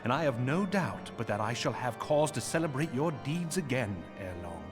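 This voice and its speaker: A man's voice: medium pitch, very animated, normal speed, over music, natural voice. An actor playing a gracious, stately older nobleman in a video game, speaking in formal, archaic courtly phrasing. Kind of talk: video game cutscene voice acting.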